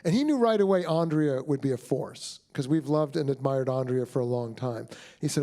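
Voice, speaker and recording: A man's voice: on the high side, expressive, normal speed, dark tone. A middle-aged man, a film director, talking about his work at a screening Q&A, rambling and effusive with many restarts. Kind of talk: Q&A talk after a screening.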